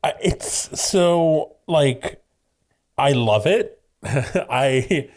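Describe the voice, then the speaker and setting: Giggly man chatting on a podcast. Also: medium pitch. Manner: animated, giggly, quick bursts of speech. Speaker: podcast co-host. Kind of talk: casual chat.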